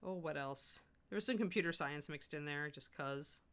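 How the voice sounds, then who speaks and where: A middle-aged woman chats casually while she paints, her voice bright and forceful, sitting a little low for a woman. She talks in an animated, self-correcting way, thinking aloud as she works in her studio. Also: normal speed. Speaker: miniature painting livestream host.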